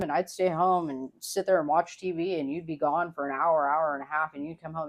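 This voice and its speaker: A young woman with a notably low speaking voice talks frankly as a podcast guest. Her speech rambles in loose, casual sentences full of "like" and offhand swearing. The tone stays relaxed and conversational. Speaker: podcast guest, host's wife.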